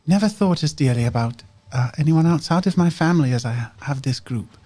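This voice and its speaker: A man doing a gentle tired young girl. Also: a little high, fairly quick, pitched above the performer's own voice, lightly acted. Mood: earnest. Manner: soft, sincere, formal phrasing.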